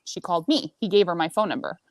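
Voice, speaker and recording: A woman in her forties telling a story as a podcast guest, blunt and animated, swearing freely. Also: on the low side, fast talker, no room sound. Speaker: senior marketing director. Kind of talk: casual storytelling chat.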